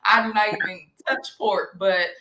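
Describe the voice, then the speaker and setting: A woman's voice: medium pitch, fairly even intonation, moderate pace, echoey room, noisy background. A woman from Texas, hosting an interview in an enthusiastic, emphatic way. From South Dallas, Texas, US. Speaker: host. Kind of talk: interview chat.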